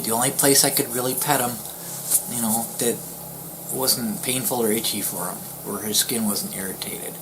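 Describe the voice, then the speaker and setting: A man vlogger telling a personal story in a somber, halting way, often pausing, restarting and dropping to a near-whisper. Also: mid-range voice, background noise. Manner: halting and soft-spoken, with pauses, restarts and dips into near-whispers; somber, grieving tone. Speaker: YouTuber.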